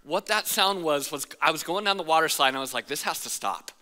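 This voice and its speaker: A male pastor telling a personal story in a sermon, animated and playful, acting out voices and counting. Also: on the high side, quick pace, in a large hall. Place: church auditorium.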